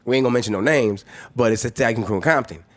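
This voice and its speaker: A man's voice: mid-range voice, very fast, dry recording. A man from the Los Angeles area, a podcast guest telling stories in a casual way with lots of profane street slang. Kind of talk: casual storytelling.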